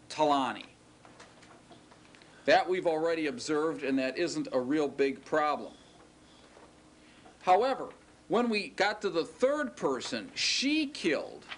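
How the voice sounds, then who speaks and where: Slow, patient male teacher lecturing. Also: fairly high pitch, slight background noise. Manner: patient, explains step by step, asks the class if they follow. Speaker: Hebrew teacher. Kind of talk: classroom lecture. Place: classroom.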